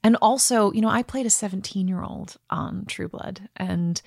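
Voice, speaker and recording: A woman's voice: medium pitch, moderate pace, gravelly, darkish tone, husky, no room sound, clean studio sound. Reflective woman in her thirties. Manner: reflective, laughs easily, frequent restarts. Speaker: actor guest. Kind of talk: casual interview chat.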